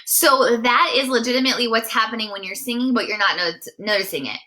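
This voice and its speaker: A woman with a bright, ringing voice, pitched a little high, gives a live singing lesson. She talks in a chatty, encouraging way and keeps checking in with her viewers. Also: fast talker. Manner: demonstrates sighs and nasal sounds mid-explanation. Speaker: singing teacher.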